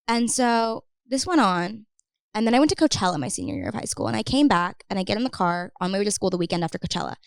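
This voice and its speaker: Fast-talking young woman telling a story. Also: mid-range voice, lively intonation, gravelly, clean tone, no echo, clean studio sound. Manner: rambling, heavy use of "like". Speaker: podcast guest. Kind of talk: casual storytelling.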